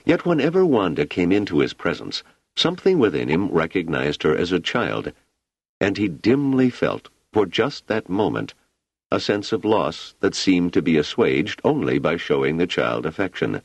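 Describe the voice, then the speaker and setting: Deep, husky man reading a story aloud. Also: moderate pace, dry recording. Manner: expressive, dramatic reading. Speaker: narrator. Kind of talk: audiobook narration.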